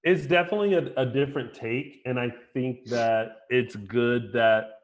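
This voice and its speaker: A man co-hosting a soap opera recap podcast, talking in a playful, animated way and acting out quotes. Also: medium pitch, normal speed, dull audio. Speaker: podcast co-host. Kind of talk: casual chat.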